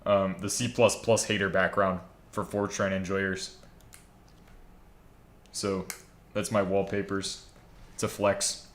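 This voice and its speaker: Joking low-voiced man streaming live. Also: little pitch movement, slow pace, long pauses. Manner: joking, rambling, reads chat aloud. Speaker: livestreamer building a server. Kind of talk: casual live-stream chat with viewers.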